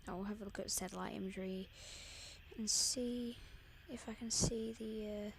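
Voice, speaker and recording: A woman's voice: mid-range voice, fairly even intonation, normal speed, vocal fry, a little hiss or hum. A Scottish woman hosting a live planespotting stream, rambling chattily and often dropping to a half-whisper. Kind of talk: casual live-stream chat.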